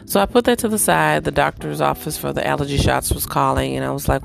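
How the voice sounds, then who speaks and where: A woman hosting a podcast in a casual, chatty monologue, with a throat roughened by allergies; she keeps pausing to clear her throat and cough. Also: low voice, steady tone, soft background music. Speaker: podcast host.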